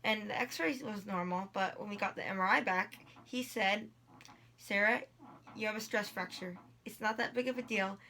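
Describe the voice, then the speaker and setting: A teenage vlogger rambles through a long personal story while in pain, her medium-pitched voice bright and pushed at a normal pace. She's full of "like"s and "um"s and quotes people in dialogue.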